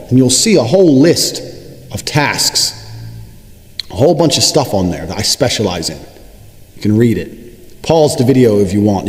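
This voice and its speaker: A man's voice: medium pitch, a little mellow. A man delivering an unscripted monologue to camera, boastful and profane, with a swaggering manner. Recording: echoey room with long reverb.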